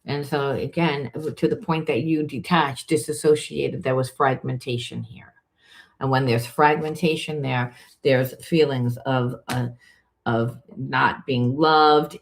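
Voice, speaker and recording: A woman, a spiritual coach, talking through emotional healing in a loose, rambling way full of restarts and fillers. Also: low voice. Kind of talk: informal coaching monologue.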